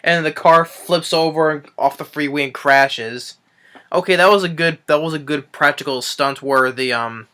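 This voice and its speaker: A man's voice: medium pitch, pushed and bright, clean tone. A man recapping a movie in a casual review, rambling with frequent restarts and swearing.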